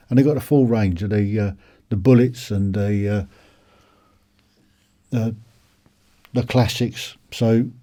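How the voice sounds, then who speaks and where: Chatty man, very dark tone. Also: mid-range voice. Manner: rambling and chatty, many ums and restarts. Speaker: motorcycle vlogger. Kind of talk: casual walkaround commentary.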